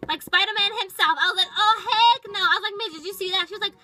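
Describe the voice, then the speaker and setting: A bratty, dramatic little girl pet, voiced by a woman, chattering in a high, very bright voice. She gushes in valley-girl talk, piling on "like" over soft music behind her. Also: racing, full character voice, low-quality recording. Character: bratty, dramatic young female toy pet. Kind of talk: toy-figure storytime narration.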